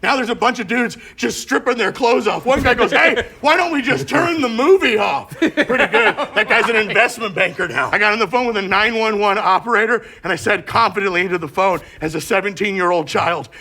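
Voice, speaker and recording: A young man tells stand-up stories in a high, bright voice. He builds each tale in a steady rhythm, then erupts into sudden shouted punchlines. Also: fairly quick, few pauses. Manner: punchy anecdotes with sudden loud outbursts. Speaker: stand-up comedian. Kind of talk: stand-up storytelling.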